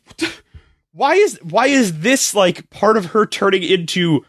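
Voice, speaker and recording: A man on a comedy podcast, retelling a movie with lots of laughs and quick acted-out voices. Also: sits high, no echo, studio quality. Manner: animated storytelling, acts out characters in quick voices, laughs often. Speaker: podcast guest recapping a movie. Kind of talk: casual comedic podcast chat.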